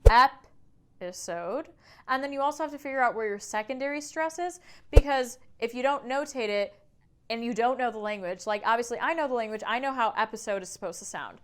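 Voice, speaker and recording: Smooth-voiced woman teaching singing. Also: a little high. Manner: upbeat, demonstrates sounds aloud. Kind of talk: explainer video lesson.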